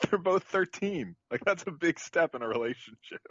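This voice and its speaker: A man co-hosting a casual podcast chat, an animated storyteller who laughs often. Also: on the high side, a little slow, no echo, muffled recording. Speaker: podcast co-host.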